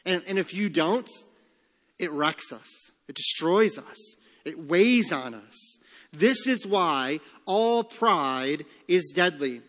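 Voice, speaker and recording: Male pastor, emphatic sermon delivery, slightly high voice, live church reverb. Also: animated, a bit bright. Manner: emphatic preaching, slowing and rising on key phrases. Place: church sanctuary. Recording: long church hall reverb.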